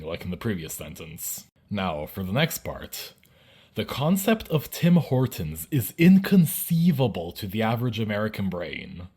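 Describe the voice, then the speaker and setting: A young man from Canada with a Canadian accent, giving a deadpan satirical lecture in a mock-serious tone. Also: husky. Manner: mock-serious lecturing, jumping between high and low pitch.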